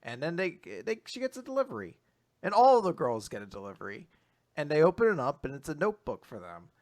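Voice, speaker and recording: A man hosting a podcast, recapping comic chapters in loose, animated casual chat with lots of fillers and the odd swear word. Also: on the high side. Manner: loose, animated retelling with quick voices. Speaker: podcast host.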